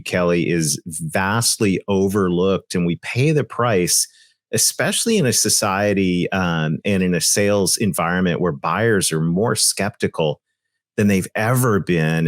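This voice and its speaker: A man's voice: deep voice, dry recording, studio quality. A man co-hosting a podcast, talking earnestly and emphatically with loose asides. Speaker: podcast co-host. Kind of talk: conversational podcast discussion.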